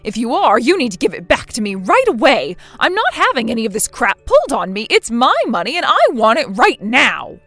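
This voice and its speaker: A woman voicing a spiteful, domineering older mother-in-law in a scripted text-message drama, scolding harshly and loudly. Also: fairly high pitch, wildly swooping pitch, normal speed, no echo, faint music behind, heavily acted.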